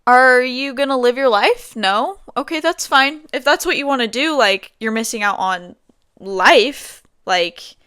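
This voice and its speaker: Young woman, solo podcast host, smooth voice, loose rambling delivery, filler-heavy. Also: a little high, lively intonation, unhurried, bright, forceful tone, no room sound, clean studio sound. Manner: rambling, heavy use of "like", swears casually. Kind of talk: casual solo podcast chat.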